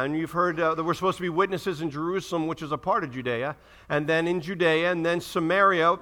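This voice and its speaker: A man's voice: on the high side, pushed and bright. A man preaching a sermon to his church, asking the congregation questions. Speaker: pastor.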